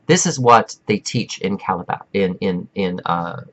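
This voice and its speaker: A man's voice: low voice, lively intonation, a little slow, fairly bright tone, poor audio. A man giving a meandering, preachy spiritual pep talk, stretching out words for emphasis. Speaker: self-help speaker.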